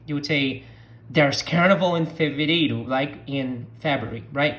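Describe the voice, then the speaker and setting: A Portuguese speaker from Brazil, teaching a slow language lesson and patiently repeating words for learners to copy. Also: medium pitch, fairly bright tone.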